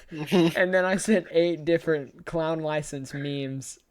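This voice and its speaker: Young male podcast co-host, mid-pitched, smooth dry voice, chatty and giggly. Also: slow, dry recording. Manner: rambling, laughs through his story. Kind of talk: casual podcast chat.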